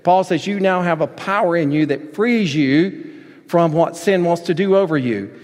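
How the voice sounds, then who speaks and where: Male preacher, emphatic sermon delivery, higher-pitched, recorded in a reverberant church hall. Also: normal speed. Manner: emphatic preaching with rising shouts and soft asides. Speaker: pastor. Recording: long reverb of a large hall.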